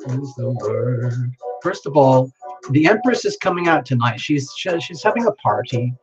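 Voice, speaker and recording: An American man hosts a tarot live stream, greeting viewers playfully, reading their names aloud and laughing often. His voice is a little high with big pitch swings at normal speed. The lo-fi recording sounds dull, with music playing behind him.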